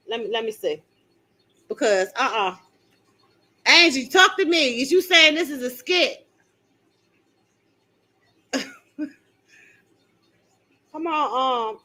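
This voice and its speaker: A middle-aged woman talks on a live stream from home, animated and quick to exclaim or laugh. Her voice sits on the high side and has a sharp, bright edge. She is picked up by a phone. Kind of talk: live stream commentary and chat with viewers.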